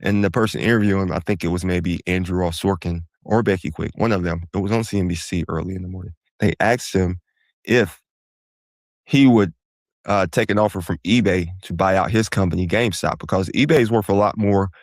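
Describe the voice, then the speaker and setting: A man's voice: low voice, fairly quick, no room sound, studio quality. A man hosting a podcast, explaining money matters in a casual, rambling way that wanders off and corrects itself. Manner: rambling, digressive, self-correcting. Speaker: podcast host. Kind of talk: casual solo finance explainer.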